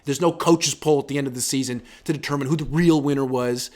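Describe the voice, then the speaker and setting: A man in his thirties hosting a casual sports talk show, animated and acting out quotes in swinging voices. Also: mid-range voice, fast.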